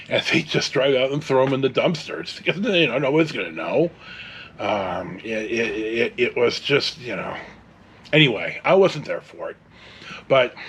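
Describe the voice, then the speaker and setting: A man's voice: medium pitch, a little hiss or hum. A middle-aged man hosting his own show, telling a story in a casual, rambling way with lots of fillers and restarts, and chuckling now and then. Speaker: host.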